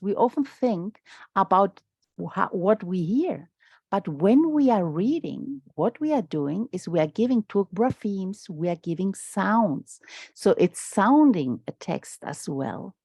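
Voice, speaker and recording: A middle-aged woman whose first tongue is gives an academic talk, pausing and restarting often. Her voice sits at a medium pitch. It is recorded dry, with little room sound. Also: lively intonation, warm tone, dry recording. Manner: halting, many restarts and fillers. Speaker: lecturer. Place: lecture room.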